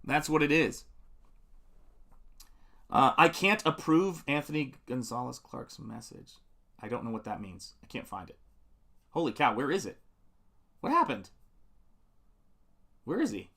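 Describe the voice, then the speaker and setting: A middle-aged man talks casually on a live stream as he paints. His pitch sits in a typical middle range, and his talk wanders from point to point. He breaks off often to read out viewer comments and laughs easily. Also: sing-song, unhurried, vocal fry, pauses often, bright, forceful tone. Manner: works on a painting while talking.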